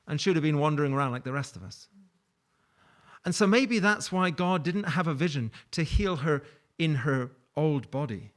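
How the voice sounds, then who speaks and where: A man preaching a sermon in a conversational, storytelling way, with light laughs. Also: mid-range voice. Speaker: pastor.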